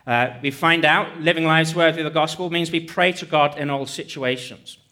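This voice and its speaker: A man's voice: a little high, normal speed, sharp tone. A man preaching a sermon as pastor, joking conversationally on a hands-free mic in a church. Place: church hall. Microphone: hands-free headset mic.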